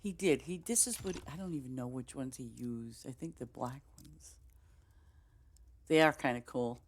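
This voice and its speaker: A woman's voice: very deep voice, normal speed, a little hiss or hum. A woman with a Boston accent chatting casually with her stream viewers in a rambling, easygoing way, laughing often. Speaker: game streamer.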